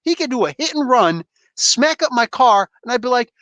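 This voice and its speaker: A man's voice: very high voice, big pitch swings, normal speed, fairly bright tone, no room sound, dull audio. A man hosting a livestream, emphatic and rambling as he talks casually with fans. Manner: emphatic, rambling, fan banter. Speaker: comic book reviewer, livestream host.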